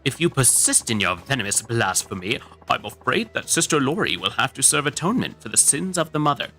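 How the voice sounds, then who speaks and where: A man voicing a calm, sinister male cult member in a game dub, with a low, measured, preachy delivery. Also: faint music behind. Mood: menacing.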